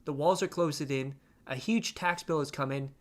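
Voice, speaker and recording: Guy with a slightly high voice narrating mocking commentary, crude and blunt. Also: normal speed. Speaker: reaction channel host.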